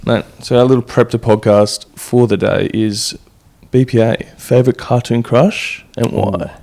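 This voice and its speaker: A man's voice: mid-range voice, fairly even intonation, measured pace, vocal fry, a little mellow. A young man co-hosting a casual podcast, easygoing and slangy, talking with some hesitation. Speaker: podcast co-host, rugby player. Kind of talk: casual chat.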